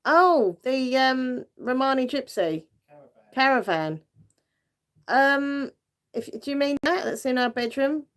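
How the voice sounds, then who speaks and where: A British woman with a high-pitched, lively voice hosts a casual livestream and talks slowly. She giggles as she chats with viewers and uses lots of filler words.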